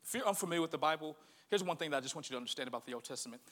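A male pastor preaching a sermon, animated and swinging from hushed to loud. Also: on the high side, rapid-fire.

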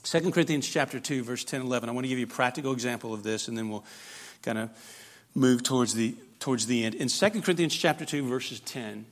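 A man preaching a sermon, emphatic and dynamic, swinging from loud, fervent stretches to hushed, quiet ones. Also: medium pitch, fast. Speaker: pastor.

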